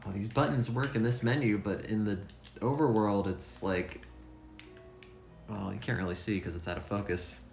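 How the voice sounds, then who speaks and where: A man's voice: fairly low pitch, moderate pace, creaky, a little mellow, faint music behind. A man streaming a game, rambling and thinking aloud with a self-deprecating, offhand manner. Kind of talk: casual let's-play commentary. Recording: echoey room sound.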